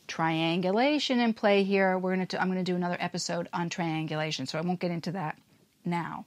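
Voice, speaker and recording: A woman's voice: mid-range voice, a little fast, no room sound. Emphatic woman podcast host, dry sound. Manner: emphatic, acts out quoted lines in passing. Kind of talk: casual explanatory talk.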